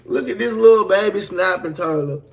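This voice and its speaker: A man with a high-pitched voice rants on a casual livestream. He trash-talks a rival in a mocking, sing-song way, stacking insult on insult. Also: moderate pace, gravelly.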